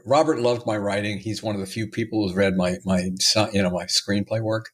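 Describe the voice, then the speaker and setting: A man's voice: fairly low pitch, fairly even intonation, husky. Theatrical older man telling stories. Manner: theatrical storyteller, quick to mimic and joke. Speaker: entertainment lawyer and guest. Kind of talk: conversational podcast interview.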